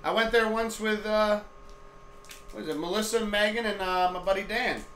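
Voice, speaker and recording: A man's voice: high-pitched, fairly even intonation, normal speed, bright, forceful tone, slight background noise. A man in his thirties hosting a casual sports live stream from home, joking and swearing as he chats. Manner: joking, profane, chatty. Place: home room. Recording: echoey room.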